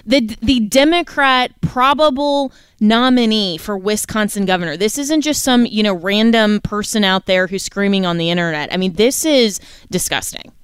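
A woman hosts a radio talk show in a smooth, resonant voice. The sound is dry and close, with no room around it. She talks emphatically and presses her guest with indignant questions. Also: medium pitch, moderate pace, hardly any pauses, no echo.

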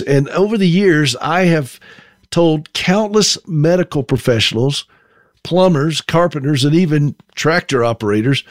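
A man's voice: mid-range voice, dry recording, studio quality. A middle-aged man from South Carolina with a Southern accent, telling a folksy, self-deprecating story as a monologue.

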